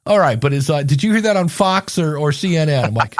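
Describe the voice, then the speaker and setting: A man with a higher-pitched, animated voice co-hosts a podcast at a quick pace. A coach by trade, he chats casually, does sponsor reads, and tells rambling stories where he acts out the people he quotes.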